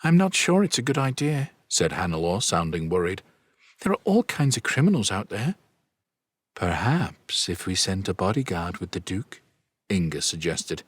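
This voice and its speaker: A man's voice: low voice, moderate pace, fairly bright tone, husky, no echo. A man voicing a middle-aged woman, a former empress, who speaks anxiously. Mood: worried. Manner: anxious, fretful.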